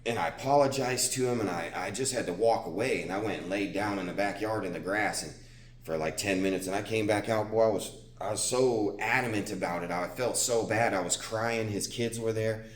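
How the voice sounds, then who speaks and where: A man's voice: on the low side, fairly quick. A young man vlogging at the gym, telling a personal story in casual, profane, rambling speech and saying "dude" constantly. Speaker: fitness vlogger. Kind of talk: casual confessional talk. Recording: echoey gym room.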